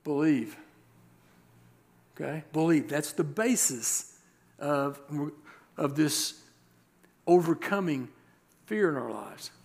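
Emphatic preaching man, somewhat high voice. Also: animated, vocal fry. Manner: reads scripture aloud, then explains with rhetorical questions; emphatic, slows down to stress key words. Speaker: pastor. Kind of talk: sermon.

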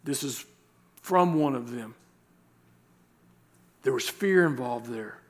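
A male pastor preaching a sermon, reading scripture verses and explaining them with rhetorical questions and slowed, stressed words. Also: mid-range voice, expressive. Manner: emphatic, slows down to stress key words.

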